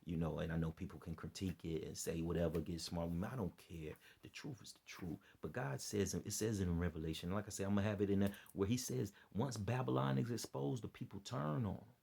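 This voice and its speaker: A man's voice: deep voice, a little fast, creaky, hardly any pauses, a little mellow, slightly rough. A tired man rambling through an earnest, preachy monologue to his followers, often repeating himself. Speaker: vlogger giving religious commentary.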